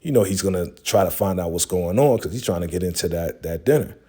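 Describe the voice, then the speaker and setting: A man's voice: deep voice, expressive, fast, mellow, husky. A man casually recapping a TV episode as host, in a slangy, laid-back retelling with lots of fillers.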